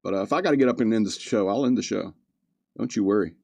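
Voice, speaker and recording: A man's voice: lowish voice, fast, creaky, darkish tone, dry recording. Chatty male podcast host, dry mic. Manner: chatty, reads news aloud with asides and chuckles. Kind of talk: casual comedic commentary.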